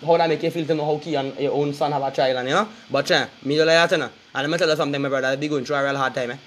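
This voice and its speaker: Trinidadian man, raw profane rant, high sharp tone. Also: steady tone, racing, a little hiss or hum. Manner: angry, cursing, threatening. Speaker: online commentator.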